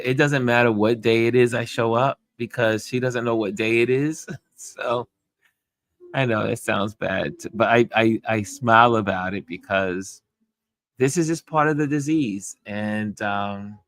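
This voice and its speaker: A middle-aged man hosting a casual livestream chat from home, talking in an easygoing, rambling way with soft laughs. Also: lowish voice, measured pace, dry recording. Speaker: livestream host reading chat.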